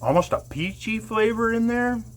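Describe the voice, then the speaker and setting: A man talks slowly to the camera in a casual vlog while his mouth burns, his eyes water and his nose runs, letting out loud whoops. His voice is high-pitched with lively intonation.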